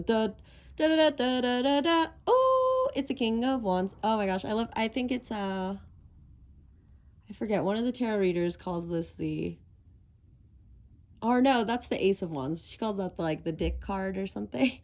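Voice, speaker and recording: A woman's voice: medium pitch, darkish tone. Giggly chatty woman reading tarot. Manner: chatty, giggly, talks straight to viewers. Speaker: tarot reader. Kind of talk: casual tarot reading vlog.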